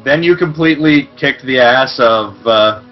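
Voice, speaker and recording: A man from Canada, rambling quickly in a casual live-stream chat. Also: mid-range voice. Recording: dull lo-fi stream audio with faint music.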